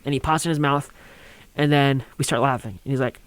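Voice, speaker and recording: A man's voice: mid-range voice, steady tone, quick pace, no room sound. A young man telling a rambling, funny story on a college radio show, acting out quotes and laughing along.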